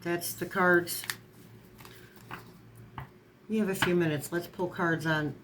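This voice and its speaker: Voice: medium pitch, unhurried, gravelly, long pauses, background noise. A tarot reader in a casual online reading who strings card keywords together, stumbles and corrects words, and adds sarcastic asides.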